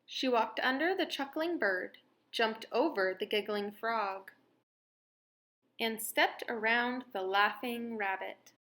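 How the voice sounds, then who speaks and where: A woman reading a children's picture book aloud, clear and expressive. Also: a little high, slow pace. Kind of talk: storybook read-aloud narration.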